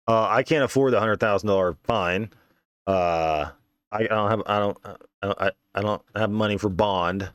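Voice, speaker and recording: A man's voice: lowish voice, moderate pace, a bit bright, clean tone, no room sound, studio quality. A man telling a story in a casual, rambling, profane way, often saying "you know what I mean". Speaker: podcast host.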